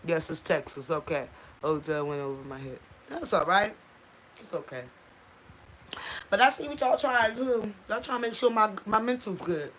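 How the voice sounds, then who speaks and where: A woman's voice: medium pitch, lively intonation, normal speed, a bit bright, slight background noise. Chatty woman hosting a livestream. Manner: chatty, reads out viewer comments, stumbles over place names. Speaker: channel host. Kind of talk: casual livestream chat with viewers.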